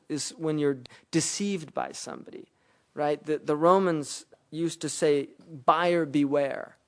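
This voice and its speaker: A man giving a religious lecture, explaining Arabic words and verses, often rising into emphatic explanation. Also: a little high. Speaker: Islamic teacher.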